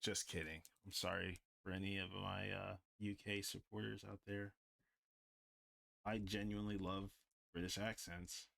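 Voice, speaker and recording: A man's voice: sits low, little pitch movement, a little slow, gravelly, fairly bright tone. A man livestreaming while he draws, chatting casually and rambling with lots of "like". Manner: rambling, heavy use of "like". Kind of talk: casual chat while drawing.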